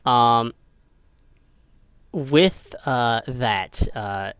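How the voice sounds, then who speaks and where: A man running a tabletop game over a voice call, narrating hesitantly with many pauses and fillers. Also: medium pitch, fairly bright tone, clear, resonant tone, no room sound, dull audio. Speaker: game master. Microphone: home mic over a voice call.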